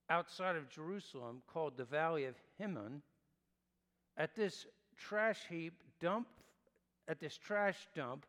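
High-voiced man preaching in an echoing hall. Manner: emphatic preaching with wide swings in pitch and loudness. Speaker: pastor. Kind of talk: sermon.

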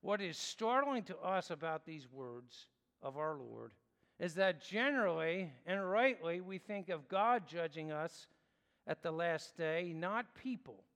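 A man preaching a sermon in an earnest, explanatory way with measured pauses. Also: on the high side, lively intonation, a bit bright, long reverb tail.

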